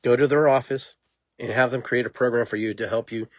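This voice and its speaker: A man hosting a podcast in a casual monologue, talking in an animated, rambling way and laughing at himself. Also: medium pitch, brisk, no room sound. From immigrant to the United States. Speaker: podcast host.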